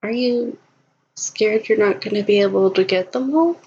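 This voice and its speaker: A woman voicing a gentle, earnest young man who stammers softly, in a tabletop role-play. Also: mid-range voice, normal speed, slightly rough. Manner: soft-spoken, stammering. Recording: slightly muffled recording.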